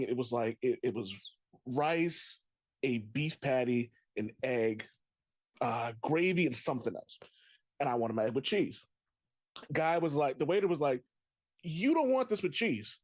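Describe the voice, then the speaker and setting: A man in casual podcast chat, telling relaxed stories and laughing easily. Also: mid-range voice, unhurried, no echo. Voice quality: chatty storyteller, laughs easily.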